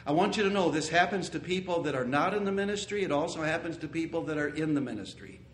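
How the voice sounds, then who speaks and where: A man preaching a sermon as pastor, earnest, repeating key phrases and sometimes rising to loud exclamations. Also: a little high, lively intonation, fast, a little hiss or hum.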